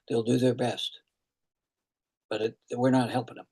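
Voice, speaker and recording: A man's voice: mid-range voice, level tone, normal speed, a little mellow, breathy edge. An older man hosting a virtual town hall as a congressman, answering questions earnestly with frequent restarts and fillers, heard over a video call.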